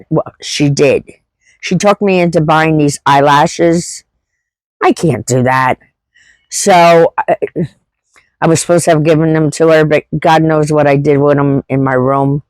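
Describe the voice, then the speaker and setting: Slow-talking heartfelt woman storyteller. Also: low-pitched, darkish tone, dry recording, rough recording. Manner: rambling, heartfelt, with frequent fillers and restarts. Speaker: homesteading vlogger. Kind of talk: casual personal storytelling.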